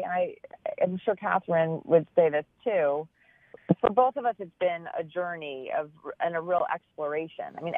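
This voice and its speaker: A woman's voice: fairly low pitch, no room sound. A woman author and business owner giving earnest, thoughtful answers in an interview, often restarting her phrases as she searches for the words. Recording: tinny phone line.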